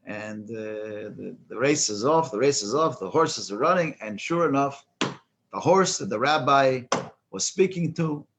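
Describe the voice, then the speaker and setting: A rabbi with a mid-range voice teaches a class, opening with a joke he chuckles at before moving into an explanation of a prayer. He's animated yet halting, full of fillers and restarts, and there's noise in the background.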